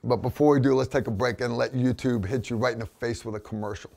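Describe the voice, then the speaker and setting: A man's voice: medium pitch, fairly even intonation, fast talker, creaky, a little mellow. An American man hosting a casual review vlog, joking and rambling in a folksy way. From United States. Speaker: host.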